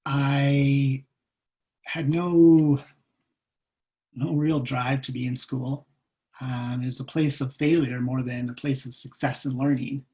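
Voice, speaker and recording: Recorded roughly over a video call, a man with a medium-pitched, gravelly voice gives a personal storytelling talk as a guest speaker. He's lively and humorous, slipping into the voices of the people in his stories.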